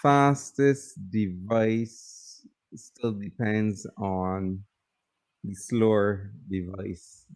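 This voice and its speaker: A man co-hosting a live stream, chatting casually in a calm, explanatory way and agreeing often. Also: on the low side, drawn-out words, no room sound. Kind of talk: casual chat reacting to a video.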